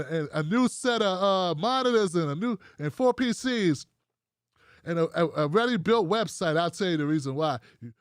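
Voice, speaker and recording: High-voiced profane American man ranting. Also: smooth, no echo, studio quality. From United States. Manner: profane, blunt, ranting to viewers; reads out live chat comments. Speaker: livestream host. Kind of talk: political commentary livestream.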